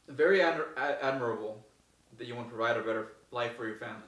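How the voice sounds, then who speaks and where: A man giving casual, energetic advice to viewers as host, repeating himself and acting out the people in his stories. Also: medium pitch, quick pace. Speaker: host answering viewer questions. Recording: echoey room, mic far off.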